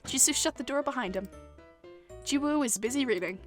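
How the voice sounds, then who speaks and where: A woman's voice: high voice, expressive, brisk, soft background music. A young woman hosting a gaming channel who reads a visual novel aloud, giggling, swearing and joking between lines.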